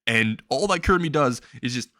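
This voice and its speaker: A man's voice: medium pitch, lively intonation, fairly quick, sharp tone, no echo, clean studio sound. Young man rambling through a goofy story. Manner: rambling, laughing at own jokes. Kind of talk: improvised comedic fan story narration.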